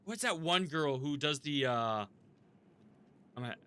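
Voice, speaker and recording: Bright-voiced rambling streamer man. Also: a little high, animated, a little slow, clean tone. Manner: rambling, swears freely, talks to chat. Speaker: live-streaming gamer. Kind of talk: casual live-stream chat.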